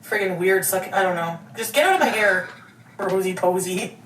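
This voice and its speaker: A woman's voice: mid-range voice, expressive, normal speed, fairly bright tone. Dramatic woman on an echoey clip. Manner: dramatic, laughing, defensive. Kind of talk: livestream chat. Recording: echoey, distant, noisy clip.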